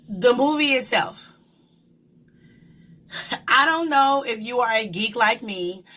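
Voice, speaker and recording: A woman giving a casual, excited movie review, emphatic and slangy. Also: medium pitch.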